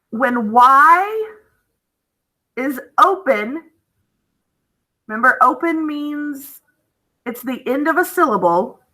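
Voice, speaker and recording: A woman gives a phonics lesson online, sounding out each letter and word slowly and clearly. Her voice sits a little high and bright, and she keeps checking in with her young students. The pace stays unhurried throughout. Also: rough recording. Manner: patient, repeats "okay?" to check understanding. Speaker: teacher.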